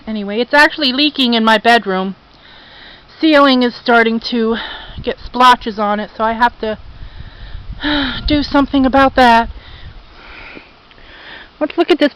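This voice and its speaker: A woman's voice: on the high side, moderate pace, pauses often, fairly bright tone, low-quality recording. A woman giving a chatty, casual tour of her home garden outdoors, talking to her pets and venting about her losses. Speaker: vlogger.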